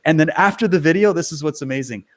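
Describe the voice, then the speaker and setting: A man from Canada in casual conversation, telling an animated story and bluntly swearing as he goes. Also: a little high, fast talker. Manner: animated storyteller, acts out quoted voices. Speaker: guest.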